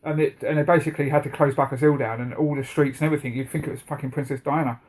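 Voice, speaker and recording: A podcast co-host tells long, rambling stories, swearing freely as he goes. His voice sits a little above the usual male pitch, and the talk is loose and casual. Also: fairly even intonation, racing, a little mellow, slight background noise. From England. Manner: swears a lot, rambling storytelling. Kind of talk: casual chat.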